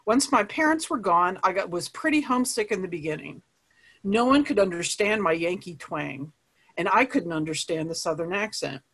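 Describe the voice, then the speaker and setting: A woman who works as an archive curator, reading historical letters aloud in a calm, measured way. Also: lowish voice.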